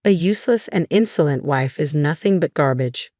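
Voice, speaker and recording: A woman voicing a bossy, insulting middle-aged husband who talks with contempt, read in a low, dry storytelling voice. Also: expressive, normal speed, no room sound. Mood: scornful. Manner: yelling, contemptuous.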